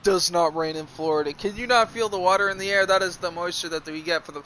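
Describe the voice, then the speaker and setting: A man telling a story on a live stream, swearing often in a loose, animated way. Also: high voice, fast talker, slight background noise. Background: music.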